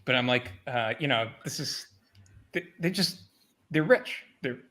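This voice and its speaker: A man's voice: medium pitch, a little slow. A man telling stories in a casual livestream chat, swearing often and acting out his past conversations. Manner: profane, animated retelling of exchanges.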